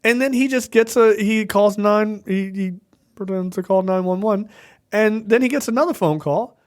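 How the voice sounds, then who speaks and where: A man's voice: high voice, moderate pace, clean tone. A man co-hosting a movie review podcast, casually retelling scenes with laughs and acted-out lines. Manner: animated, laughing, acts out film scenes. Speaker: podcast co-host.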